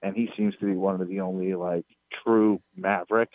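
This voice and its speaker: A man with a New York accent tells his stories in a low voice, pushing up into emphatic complaints and then trailing into fillers. The sound is dry and tinny, squeezed through a phone line. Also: fairly even intonation, no room sound. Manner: storytelling, rising emphatic on complaints, halting fillers. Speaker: guest, PR strategist. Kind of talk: casual interview chat.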